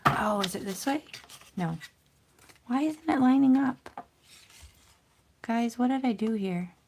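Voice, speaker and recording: A woman's voice: a little high, takes it slowly, vocal fry, a little mellow, slight background noise. A woman in her thirties hosting a casual crafting livestream, chatting to viewers in a self-deprecating, rambling way. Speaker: crafting channel host. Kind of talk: casual livestream chat while stamping and coloring.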